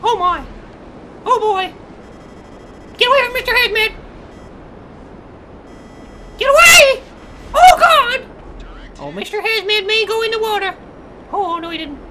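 A shrill, sky-high voice for a manic man in a hazmat suit, put on by a gameplay video maker. He chatters about himself in the third person, flipping from giddy cheer to sudden outrage. The tone is bright and cutting, a comic game role-play. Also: normal speed, slight background noise, heavily acted. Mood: excited. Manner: refers to himself in third person, erratic swings between glee and rage. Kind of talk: comedic role-play over online gameplay.

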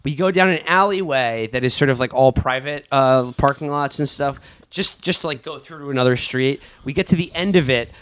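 A man from New York hosting a casual podcast, telling stories in an animated way and acting out quotes. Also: mid-range voice, fairly quick. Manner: animated storyteller, acts out quotes, laughs a lot. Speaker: podcast host. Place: rented place in a city neighborhood.

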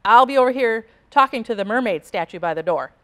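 A woman voicing a cheerful, playful father in a storybook reading, speaking loudly and jovially. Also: a little high, animated, fairly quick. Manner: loud and jolly.

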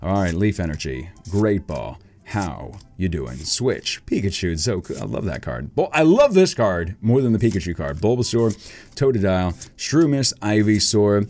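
A man excitedly opening trading card packs on his channel, calling out each card and gasping at rare pulls. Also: on the low side, moderate pace. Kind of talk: excited unboxing commentary.

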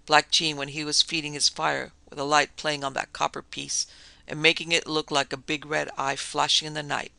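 A man narrating a spooky tale in a measured storytelling manner. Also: on the high side, level tone, gravelly, pushed and bright, smooth, dry recording, rough recording. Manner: storytelling, measured, dramatic dips.

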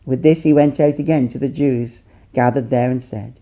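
A man, a pastor, reading scripture aloud in a measured, dramatic way. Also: medium pitch, steady tone, mellow.

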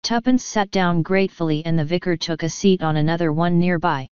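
A woman narrating an audiobook in a measured, even reading voice. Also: fairly low pitch, smooth, no room sound. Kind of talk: scripted narration. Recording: dull lo-fi dry recording.

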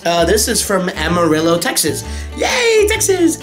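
A young man, a voice impressionist, excitedly reading fan mail in a casual way. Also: high-pitched, measured pace. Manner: excitable, animated, swings to emotional. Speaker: voice impressionist YouTuber. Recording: music bed underneath.

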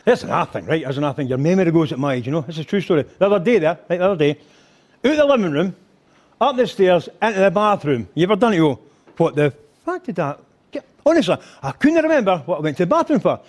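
Older Scottish man, live stand-up, lively crude storyteller, pitched a bit high. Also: racing. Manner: animated storytelling, crude, mimics voices and sings band intros. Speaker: stand-up comedian. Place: rugby club function hall.

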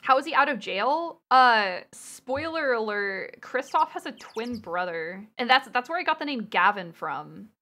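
Animated young woman streaming a game. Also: a little high, unhurried, hardly any pauses. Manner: animated, laughing, swears. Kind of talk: casual game commentary.

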